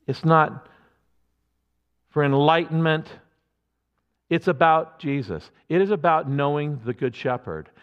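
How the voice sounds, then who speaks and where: A man's voice: a little high, unhurried, long pauses, smooth, long reverb tail, muffled recording. A man preaching a sermon as a pastor, in a conversational, emphatic way with many restarts.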